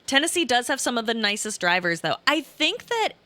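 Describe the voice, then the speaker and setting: Bright-voiced chatty woman with a Southern Illinois accent. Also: fairly high pitch, sing-song, a little fast. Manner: chatty, rambling, laughs often. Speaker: streamer reading chat. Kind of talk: casual live-stream chat.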